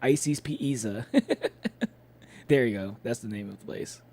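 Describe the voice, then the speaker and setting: A man's voice: medium pitch, measured pace, mellow. A young man chatting casually with his live-stream chat, loose and swearing, with plenty of fillers.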